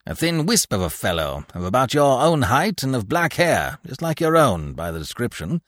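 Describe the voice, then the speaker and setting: A man voicing a gruff, brusque sergeant of the mounted police. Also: mid-range voice, big pitch swings, moderate pace, fairly bright tone, no room sound, studio quality. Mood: businesslike.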